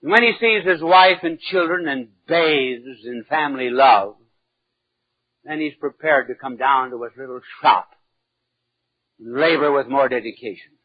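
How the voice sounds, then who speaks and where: An archbishop telling humorous anecdotes in a deliberate, playful storytelling manner. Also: male voice, mid-range voice. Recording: narrow phone-like old archival recording.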